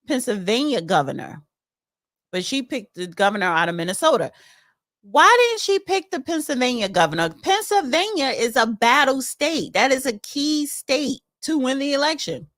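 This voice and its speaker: A woman's voice: fairly high pitch, fairly bright tone, no room sound. Chatty opinionated woman, dry. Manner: chatty, opinionated, reads articles aloud with asides. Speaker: political commentary host. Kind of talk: casual solo commentary, reading news aloud.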